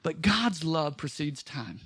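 A man preaching a sermon as pastor, swinging from loud exclamations to slow, soft, emphatic lines. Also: a little high, very animated, husky. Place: church.

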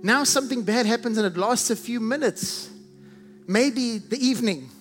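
A man's voice: very high-pitched, moderate pace, a bit bright, big-room sound, faint music behind. A man preaching a sermon as a pastor, earnest and stacking repeated phrases into building lists.

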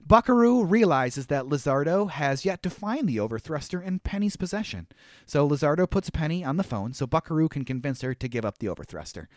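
A man's voice: fairly high pitch, big pitch swings, brisk, a little mellow, no room sound, clean studio sound. A man co-hosting a casual podcast, recapping a movie with wry asides and frequent laughter. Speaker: podcast co-host.

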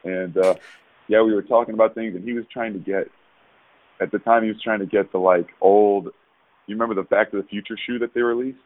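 A man, a former pro basketball player, telling rambling, animated stories as a podcast guest over a call. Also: on the low side, brisk, no room sound. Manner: rambling, animated, with frequent restarts. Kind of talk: casual storytelling. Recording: tinny phone-like dry sound.

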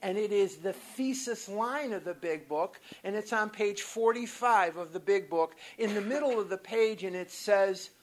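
An animated speaker from the United States addresses a recovery workshop crowd in a meeting room. The delivery is blunt and lively, peppered with mild swearing and offhand asides. The voice sits in an ordinary middle pitch. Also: normal speed, hardly any pauses, a little hiss or hum. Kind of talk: personal storytelling talk to a live group.

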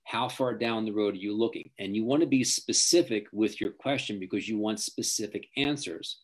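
A man's voice: fairly low pitch, normal speed. A middle-aged man, a driving coach, giving emphatic advice as an interview guest. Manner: emphatic, acts out quoted parents and teens.

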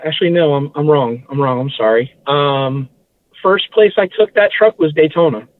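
A man's voice: on the high side, normal speed, no echo. Man on a tinny phone line. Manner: rambling, self-correcting recollection. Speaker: guest. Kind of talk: casual interview chat.

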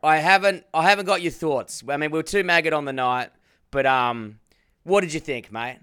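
Aussie guy cohosting a podcast, sweary and animated, telling scam stories. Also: a little high, normal speed, clear, resonant tone. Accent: Australian. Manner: storytelling, swearing, mock-outraged. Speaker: podcast co-host. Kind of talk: casual chat. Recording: phone or laptop call from abroad.

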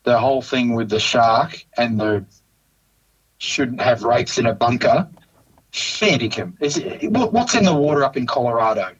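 A man with an Australian accent co-hosting a casual golf podcast, ranting in an animated, exasperated way. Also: mid-range voice, normal speed, breathy edge, highs cut off. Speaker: podcast co-host.

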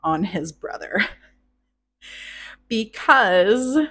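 A woman telling an old myth in a casual, chatty way, slow and unhurried in her delivery. Her tone is irreverent, with swearing and little laughs at her own jokes, at an ordinary middle pitch. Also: lively intonation, a bit bright. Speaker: storyteller host.

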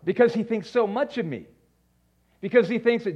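A man preaching a sermon as pastor, animated, going from loud bursts to quiet asides and stammering as he restarts. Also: high-pitched, moderate pace, long pauses, slightly rough. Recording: dull lo-fi sound.

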